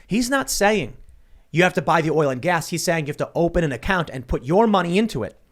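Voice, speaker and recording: Animated man hosting a political chat show. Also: fairly high pitch, brisk. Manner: animated, restarts sentences often. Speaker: show host. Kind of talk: casual political panel chat.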